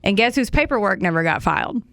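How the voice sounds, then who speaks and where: A woman's voice: mid-range voice, lively intonation, quick pace, gravelly, a bit bright, no room sound. A woman, co-hosting a true crime podcast and recounting a case in a casual, conversational way, with indignant, swearing asides. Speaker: podcast co-host telling a true crime story.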